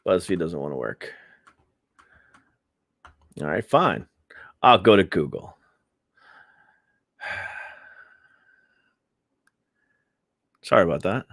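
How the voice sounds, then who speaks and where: A man's voice: deep voice, sing-song, drawn-out words, creaky, long pauses, a bit bright, no room sound, studio quality. A man hosting a live stream, giving sarcastic, rambling commentary with laughs.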